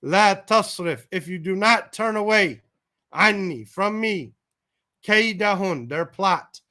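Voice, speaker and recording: A man's voice: high voice, animated, sharp tone. A man teaching a Quran lesson. He reads each Arabic phrase and then translates it word by word in English, stopping now and then to correct himself or check a point of grammar. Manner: pauses to self-correct and check grammar aloud.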